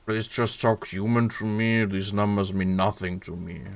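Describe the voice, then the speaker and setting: A man's voice: lowish voice, fairly even intonation, moderate pace, lightly acted. A man with a German accent voicing a flustered, embarrassed detective who pleads with the others.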